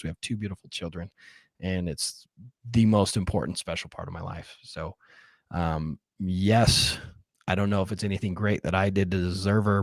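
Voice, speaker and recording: A man's voice: fairly low pitch, no echo, studio quality. A man, a real estate investor and coach, telling his story earnestly and candidly in a podcast interview, openly emotional.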